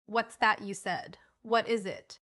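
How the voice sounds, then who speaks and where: A woman reading an audiobook voices a lively, impulsive little boy who blurts out eager questions. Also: mid-range voice, measured pace, close to an everyday voice.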